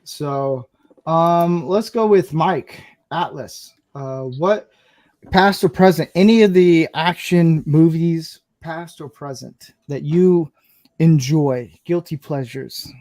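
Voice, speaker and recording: A man's voice: a little high, slow pace, a little mellow. Laid-back man hosting a panel chat. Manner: loose, joking, swears freely. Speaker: podcast host.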